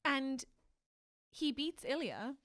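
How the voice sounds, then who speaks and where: Woman, podcast co-host, bright and forceful tone, slightly high voice, dry close sound, excitable, laughs often. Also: slow, no room sound. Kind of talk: casual chat.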